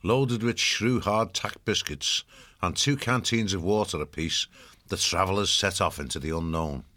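A man reading a storybook aloud as narrator, in a measured, expressive way. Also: low voice, no room sound. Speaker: audiobook narrator.

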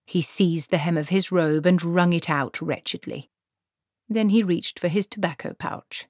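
A woman reading a comic fantasy novel aloud in a wry, expressive storytelling manner. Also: fairly low pitch, measured pace, no echo, clean studio sound. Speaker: audiobook narrator. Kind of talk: scripted narration.

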